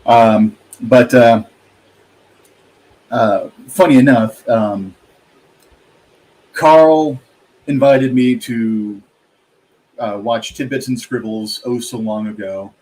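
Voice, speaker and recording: A man's voice: medium pitch, fairly even intonation, slow, pauses often, a little mellow, poor audio. Rambling guest man, full of ums. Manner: rambling, many fillers, drops into quoted asides. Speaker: guest author. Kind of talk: casual chat.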